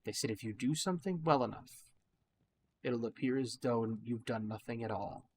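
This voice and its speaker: A man's voice: medium pitch, moderate pace, a little mellow, slight background noise. Rambling reflective male gameplay vlogger. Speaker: gaming channel host. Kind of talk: casual gameplay commentary with musings.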